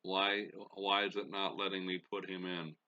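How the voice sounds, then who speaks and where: A man's voice: low-pitched, flat delivery, moderate pace, bright, forceful tone, dull audio. A middle-aged man hosting a gaming channel, calling a baseball sim game play-by-play and muttering to himself with folksy exclamations.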